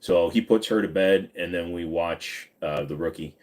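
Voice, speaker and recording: A man's voice: low voice, moderate pace, darkish tone. A man hosting a casual livestream, answering viewer questions in a rambling, laid-back way and swearing casually. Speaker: livestream host.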